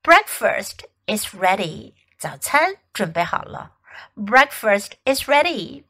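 A woman leading a language lesson, speaking each phrase carefully and then repeating it. Her voice is high and bright, and she takes the phrases slowly. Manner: clear, careful repetition for learners. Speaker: English teacher.

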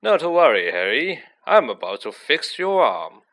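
Vain, overconfident wizard teacher voiced by a man, loud and breezy, animated pitch, bright sharp tone, storybook reading. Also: moderate pace. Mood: breezy, confident. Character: vain, showy male wizard teacher, falsely reassuring.

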